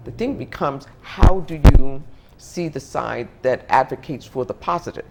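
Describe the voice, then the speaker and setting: An interview guest speaking thoughtfully, often pausing and restarting as they search for words. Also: mid-range voice, expressive, vocal fry, darkish tone, slight background noise. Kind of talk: reflective interview talk.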